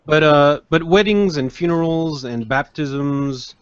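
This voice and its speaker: A man's voice: a little high, slow pace, clear, resonant tone, no room sound. A man, being his first tongue, chats in a hesitant way with many restarts. The recording is dry and dull, with little room sound and a narrow lo-fi tone. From Quebec, Canada. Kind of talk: casual chat.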